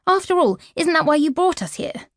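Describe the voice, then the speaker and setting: A woman's voice: high-pitched, animated, brisk, fairly bright tone, no echo, pitched above the performer's own voice. A defiant young schoolgirl, played by a woman, answering back with indignant sarcasm. The sound is dry and close, as in an audiobook.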